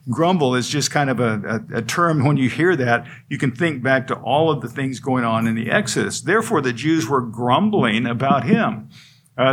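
A man's voice: medium pitch, a bit bright, slightly rough. A man preaching an expository sermon, earnest and emphatic, driving points home through repetition. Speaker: pastor.

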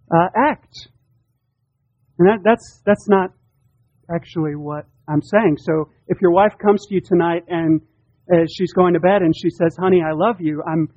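A man's voice: high voice, no room sound. Earnest preacher guy, emphatic, repeats himself, kinda muffled dry recording. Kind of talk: sermon. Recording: dull, dry lo-fi sound.

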